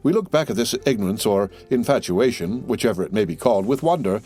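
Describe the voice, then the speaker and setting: A man's voice: fairly low pitch, lively intonation, quick pace, warm tone, faint music behind. Man narrating a classic novel. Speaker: audiobook narrator. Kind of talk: scripted narration.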